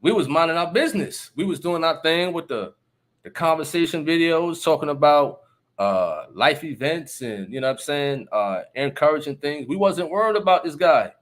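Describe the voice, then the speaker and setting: This man hosts a casual live stream at normal speed, his animated voice on the high side. Speaking emphatically, he keeps asking if listeners follow him, with laughter between comments.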